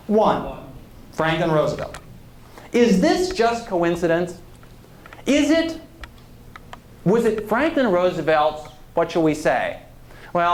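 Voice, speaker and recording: A male historian gives a public lecture in a loose, conversational way, drifting into asides and putting questions to the audience. His voice sits fairly high and moves with lively rises and falls. The hall around him is roomy and echoey. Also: a little hiss or hum.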